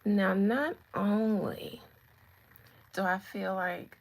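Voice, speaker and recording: A woman's voice: medium pitch, unhurried, creaky, husky, rough recording. A woman in her thirties reading tarot on a casual livestream, chatting with viewers and laughing often. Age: 30s. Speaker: tarot reader.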